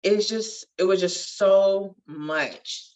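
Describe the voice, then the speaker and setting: A woman's voice: mid-range voice, extremely slow, darkish tone, lo-fi sound. A woman guest telling her life story in an earnest, testifying way that swells with feeling. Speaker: podcast guest, nurse. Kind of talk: emotional storytelling interview.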